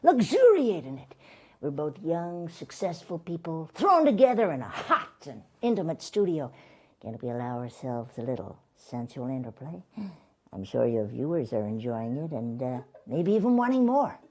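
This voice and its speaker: A woman's voice: deep voice, big pitch swings, moderate pace, darkish tone, breathy edge, exaggerated voice. Woman playing a smarmy middle-aged male guru. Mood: flirtatious. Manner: smarmy, flirtatious, giggly. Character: lecherous fifty-year-old male European colon guru. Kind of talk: stage comedy sketch.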